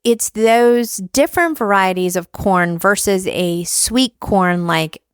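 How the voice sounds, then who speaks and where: Lady podcast host, chatty and excited, smooth clear voice. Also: medium pitch, slow pace, no room sound, clean studio sound. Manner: chatty, enthusiastic, informal. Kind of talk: casual podcast interview and solo commentary.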